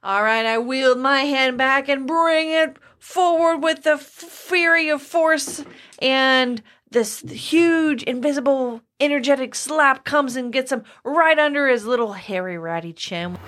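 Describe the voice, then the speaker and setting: Woman, high pitch, tabletop player, dramatic delivery. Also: measured pace, fairly bright tone. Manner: dramatic, theatrical describer.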